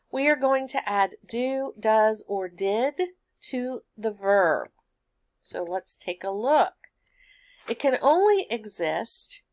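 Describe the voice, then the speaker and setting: Slow, patient woman teaching grammar. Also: a little high, no echo. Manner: patient, explains step by step with homely examples. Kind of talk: recorded grammar lesson.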